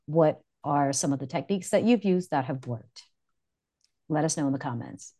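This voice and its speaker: Very low-voiced woman, laughing and direct. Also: expressive, normal speed, mellow. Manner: laughing often, direct, wraps up with calls to comment and subscribe. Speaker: podcast co-host. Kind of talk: casual chat.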